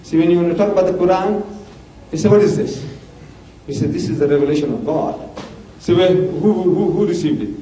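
A man's voice: a little high, a little fast, mellow. An older man, giving an emphatic public lecture full of rhetorical questions. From South Africa. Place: mosque hall. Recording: echoey hall from far off, faint hiss.

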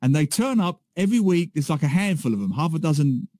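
A man co-hosting a radio show, telling a story in a lively, animated way in casual chat. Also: a little high, quick pace, no echo. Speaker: radio co-host. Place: radio studio.

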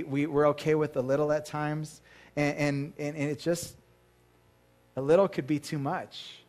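A man preaches a sermon at church in a slightly high voice, addressing the congregation informally, putting questions to them and dramatizing the voices in his anecdotes.

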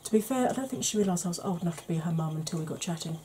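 Chatty mellow-voiced woman in her forties. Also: fairly low pitch, racing, slight background noise. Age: 40s. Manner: chatty, self-deprecating, animated. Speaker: beauty vlogger. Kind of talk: chatty makeup vlog.

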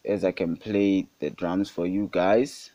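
A fairly low-voiced young man talks through a beat-making tutorial in an upbeat, hyped way, calling everything super hot. Quiet music plays behind his voice. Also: fairly even intonation, slow pace. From South Africa. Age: young adult. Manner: repeats "guys" and "super hot" constantly, upbeat hype. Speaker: music production tutorial host. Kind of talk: casual screen-recorded tutorial. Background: beat playing underneath.

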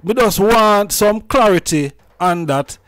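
A man asking long, halting questions, full of "um"s and restarts. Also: high voice, expressive, a bit bright, no room sound. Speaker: interviewer, host. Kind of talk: interview questions.

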